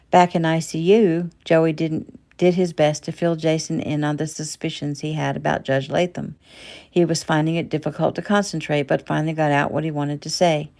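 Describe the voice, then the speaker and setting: A woman's voice: deep voice, little pitch movement, vocal fry, darkish tone. A woman casually reading her own novel aloud as narrator. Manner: plain, unhurried reading.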